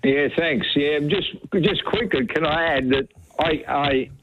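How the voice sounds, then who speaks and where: Older Australian caller on a tinny phone line. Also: male voice, fairly high pitch, unhurried, background noise. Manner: rambling, reminiscing with many "you know"s. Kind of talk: casual radio call-in chat.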